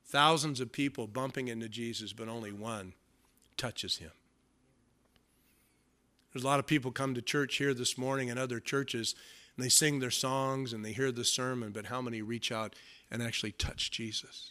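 Sharp-voiced man preaching a folksy sermon. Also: moderate pace. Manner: conversational, folksy storytelling; swings from loud emphasis to hushed, low delivery. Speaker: pastor.

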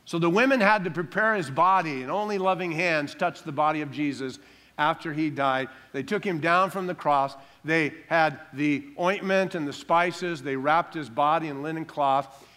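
A man preaching an Easter sermon, emphatic, calling for amens and dropping soft and slow on solemn lines. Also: fairly high pitch. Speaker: pastor.

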